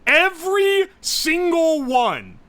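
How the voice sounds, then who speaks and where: Loud, swearing young man streamer. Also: very high-pitched, takes it slowly. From United States. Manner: rambling, swears freely, loud and excitable. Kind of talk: casual live-stream chat.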